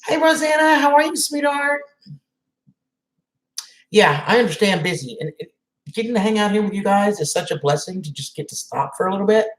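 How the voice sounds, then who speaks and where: A woman's voice: mid-range voice, fast talker. A woman hosting a live stream, chatting casually and greeting viewers by name. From Southern United States. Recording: echoey room.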